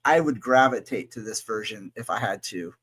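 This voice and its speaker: A man's voice: fairly low pitch, lively intonation, moderate pace, a bit bright, husky. A man co-hosting a casual album-review chat show, talking in an enthusiastic, rambling and crude way. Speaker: podcast co-host.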